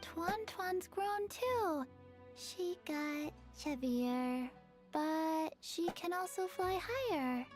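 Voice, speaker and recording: A woman voicing a small, pale undead girl who speaks slowly and flatly in simple, childlike phrases, in a video game. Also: extremely high pitch, faint music behind, heavily acted. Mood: deadpan.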